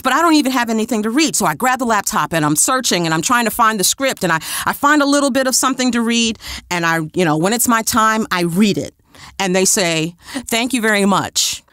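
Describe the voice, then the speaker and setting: A woman's voice: fairly high pitch, brisk, dry recording, clean studio sound. A woman guest telling a story with energy, acting out the voices of people she quotes. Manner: expressive, acts out quoted dialogue. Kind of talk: animated storytelling.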